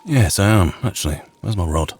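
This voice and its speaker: A man's voice: low voice, lively intonation, fairly quick, a little mellow, slight background noise. A man playing a blunt, teasing, suspicious frontier fisherman. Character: gruff cagey frontier man who fishes.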